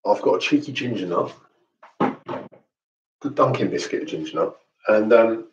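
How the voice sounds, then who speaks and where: The trainer, a Londoner with a fairly low, animated voice, hosts a casual online session at a moderate pace, chatty and jokey with many fillers. The recording has an echoey room, a distant mic, dull sound and a little hiss or hum.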